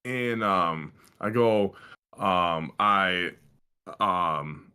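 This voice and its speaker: A young man telling long, meandering stories on a casual podcast, swearing freely and leaning on fillers. His voice sits fairly low but sounds bright and forward. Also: drawn-out words, clean tone. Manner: rambling storyteller, heavy swearing and fillers. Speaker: podcast co-host. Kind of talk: casual chat.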